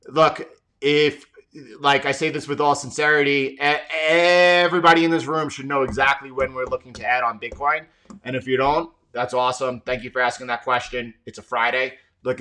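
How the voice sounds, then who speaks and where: A man's voice: medium pitch, pushed and bright. Emphatic man giving live market talk. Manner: emphatic, repeats himself, many restarts. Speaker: trading livestream host.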